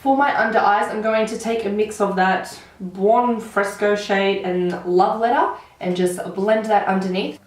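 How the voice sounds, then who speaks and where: A woman's voice: medium pitch, measured pace. A woman in her twenties with an Australian accent, chatting and telling stories while doing her makeup, with lots of "like". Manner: chatty, animated storytelling with frequent "like". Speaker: beauty vlogger. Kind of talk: chatty get-ready-with-me storytelling. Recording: roomy, distant mic.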